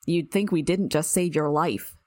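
A woman's voice: low voice, moderate pace, darkish tone, dry recording, close to an everyday voice. A woman voicing a hot-tempered young man who curses and accuses, in an audiobook reading. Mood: angry. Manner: cursing, accusing.

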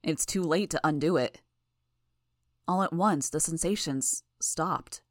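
A woman reading a first-person audiobook in a measured, even way. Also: fairly low pitch, no room sound, studio quality. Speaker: audiobook narrator.

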